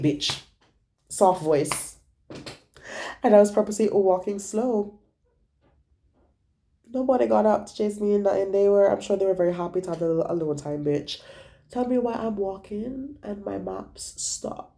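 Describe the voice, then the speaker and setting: A young woman vlogger telling a casual storytime, animated, gossipy and full of swearing. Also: medium pitch, brisk.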